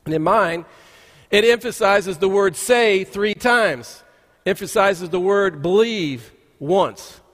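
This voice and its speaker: A pastor with a high-pitched, slightly bright voice delivers a conversational sermon from a church pulpit, telling stories in a loose, folksy way and often restarting sentences with an "uh." The long reverb of a large sanctuary rings around his voice.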